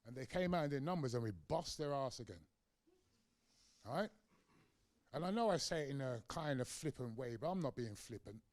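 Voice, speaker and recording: A man's voice: medium pitch, expressive, normal speed, pauses often, no room sound. A man in his sixties with a London accent gives a public lecture, telling stories with passion and acting out the dialogue. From London, England. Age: 60s. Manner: passionate storytelling, acts out dialogue. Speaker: community activist lecturer. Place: lecture room.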